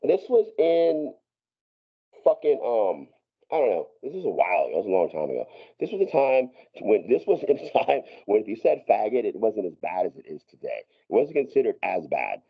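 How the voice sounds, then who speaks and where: A man's voice: fairly low pitch, huge pitch swings, brisk, gravelly, slightly rough, highs cut off. A man telling a long story as a podcast guest, profane and rambling, with many restarts and laughs. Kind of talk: casual storytelling.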